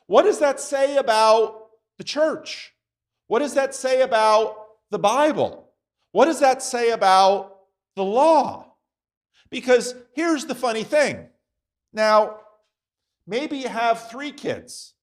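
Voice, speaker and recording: Male Sunday school teacher, high and lively voice, unhurried, chatty classroom delivery. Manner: conversational, acts out voices in examples. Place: church classroom.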